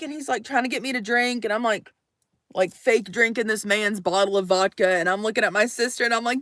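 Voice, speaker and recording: A woman telling a story to her live audience in a casual, animated way, swearing and acting out the voices in it. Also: a little high, fairly quick, no room sound, studio quality.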